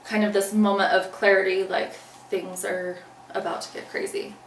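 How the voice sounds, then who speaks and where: A woman's voice: medium pitch, flat delivery, normal speed. Earnest woman telling her story in a roomy space. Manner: earnest, retells events by acting out her own past lines. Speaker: interview guest. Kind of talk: casual storytelling interview. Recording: roomy, distant mic, faint background noise.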